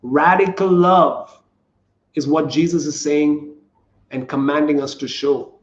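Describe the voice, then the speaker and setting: The speaker is a pastor giving a sermon in a church sanctuary, his voice a little high and steady, taken at a slow pace. He's earnest and repeats himself, addressing questions to the congregation. Sound is echoey, dull and lo-fi.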